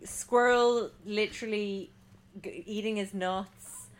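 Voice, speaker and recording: A woman's voice: medium pitch, fairly even intonation, slow. A woman co-hosting a podcast in casual chat, rambling and punning with frequent laughs and restarts. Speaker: podcast co-host.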